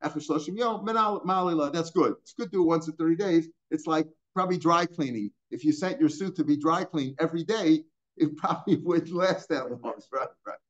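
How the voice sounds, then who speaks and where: Older man teaching Talmud, high-ish voice. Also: a little fast, muffled recording. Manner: casual, chuckling asides, mixes Hebrew and Aramaic terms. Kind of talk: line-by-line Talmud class.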